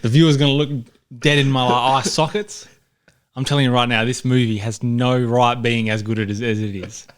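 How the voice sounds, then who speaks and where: A man's voice: medium pitch, steady tone, moderate pace, clear, resonant tone. Emphatic man, casual movie chat. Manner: emphatic, repeats phrases for punch. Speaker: podcast co-host.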